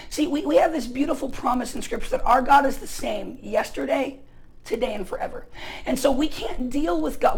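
American male preacher, gravelly edge, chatty and full of fillers, punches key lines loudly. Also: very high voice, rough recording. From United States. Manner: casual and chatty, many fillers, bursts of loud emphasis. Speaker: pastor. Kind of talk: storytelling sermon.

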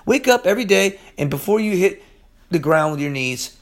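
A man's voice: high voice, animated, moderate pace. A man teaching from the Bible in a casual, slangy way. He is hyper and acts out the characters as he goes. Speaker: preacher.

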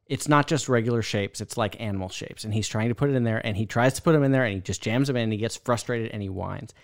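A man's voice: on the low side, quick pace. A man in his thirties co-hosting a casual podcast chat, talking in rambling sentences with frequent restarts. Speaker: podcast co-host.

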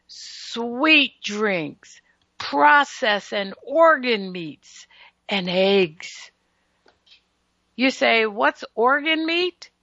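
A woman with a bright, gravelly voice, pitched a little high, delivers a radio health talk at an unhurried pace. She lectures with emphatic, teasing asides to her listeners. The sound is dry and a bit dull, like a lo-fi radio broadcast. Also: dry recording.

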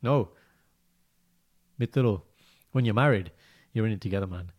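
A man chatting casually as a podcast co-host, telling stories and acting out quotes in lively voices. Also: lowish voice, moderate pace. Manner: animated storyteller, acts out quotes. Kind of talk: casual chat.

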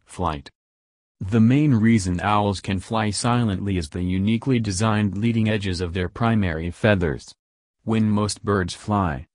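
Male podcast host, scripted narration, low voice, dry close sound. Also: no room sound. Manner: even, informative reading.

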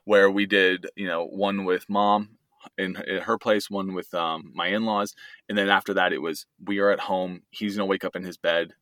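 A man's voice: low-pitched, flat delivery, normal speed, fairly bright tone, no echo, studio quality. A man in his thirties co-hosting a podcast, chatting easily and rambling a little, often restarting his sentences. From United States. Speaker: podcast co-host. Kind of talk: casual family chat.

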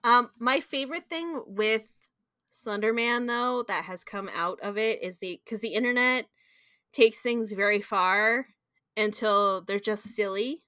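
A young woman co-hosting a casual podcast, giggling as she tells animated stories and throws in silly sound effects. Her voice is bright and a little high, recorded close and dry with no room sound. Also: unhurried, clear, resonant tone, no echo. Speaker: podcast co-host. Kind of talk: casual chat.

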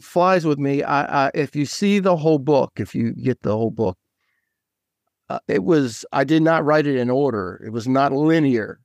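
A man's voice: mid-range voice, expressive, normal speed, darkish tone, no room sound, clean studio sound. A man, a guest author, in casual faith talk, speaking eagerly and in scattered bursts with many restarts.

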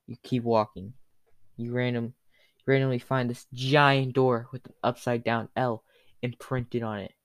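A young man telling a rambling, absurd comic story in a crude, cursing, hurried way. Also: mid-range voice, steady tone, clean tone, no room sound.

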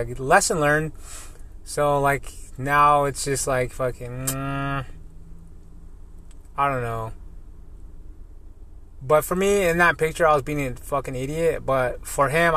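A man's voice: medium pitch, bright, forceful tone. A man in his thirties, a welder, venting in a rambling casual monologue full of swearing and fillers. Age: 30s. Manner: frustrated, venting.

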